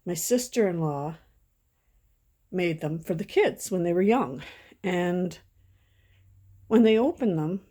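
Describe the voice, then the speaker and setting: Middle-aged woman, home vlog, rambling and sentimental, lowish mellow voice. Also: animated, takes it slowly, pauses often. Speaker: vlogger. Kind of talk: casual chat.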